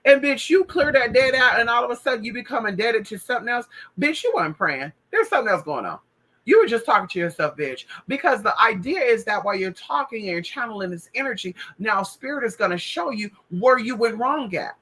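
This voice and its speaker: A woman's voice: a little high, expressive, fairly quick, fairly bright tone, husky, low-quality recording. A woman telling a spiritual story in casual talk, sassy and full of profanity. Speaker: spiritual practitioner.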